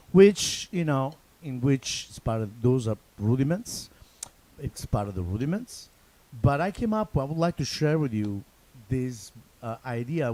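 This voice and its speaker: A man's voice: medium pitch, dark tone. A man with an Italian accent teaching drum rudiments in a loose, chatty way, with repeats and restarts. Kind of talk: casual spoken drum lesson.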